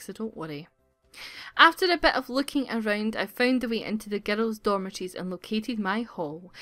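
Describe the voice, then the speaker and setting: A woman's voice: fairly high pitch, a bit bright, no room sound. A young woman reading a life simulation game aloud, breaking off for playful, sarcastic asides. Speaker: gaming YouTuber.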